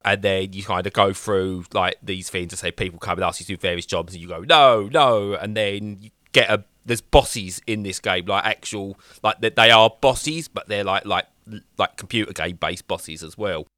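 A young man co-hosting a casual chat, rambling and animated as he acts out little voices. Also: low voice, normal speed, dry recording, clean studio sound. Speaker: podcast co-host reviewing games.

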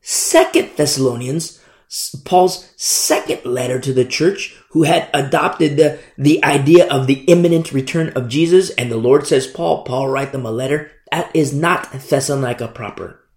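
A man preaching a Bible sermon in an animated way, acting out quoted voices and stumbling over words. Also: fairly high pitch, normal speed, reverberant.

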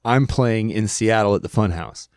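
A man's voice: on the low side, moderate pace, darkish tone, no echo. A man hosting a podcast in casual chat, laid-back and rambling, often repeating words. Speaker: podcast host.

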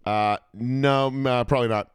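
A man co-hosting a podcast, throwing in deadpan crude jokes. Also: mid-range voice, moderate pace, clean tone, dry recording, studio quality. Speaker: podcast co-host. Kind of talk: casual chat.

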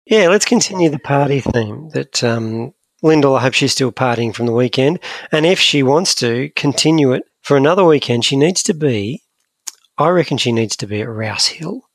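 A man's voice: mid-range voice, lively intonation, normal speed, dry recording. A Scottish man co-hosting a podcast, chatting casually in a rambling, joking and self-deprecating way. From Scotland. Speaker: podcast co-host. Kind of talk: casual chat.

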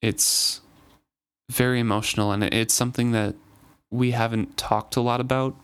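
A man's voice: medium pitch, level tone, normal speed, a bit bright, clear, resonant tone. Earnest man discussing a novel. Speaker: podcast host discussing a novel. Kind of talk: casual chat and reading aloud.

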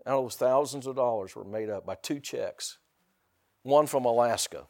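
At a moderate pace and medium pitch, a middle-aged pastor gives a conversational sermon. Repetition of words is frequent, as are rhetorical questions aimed at the congregation and loud bursts of delivery.

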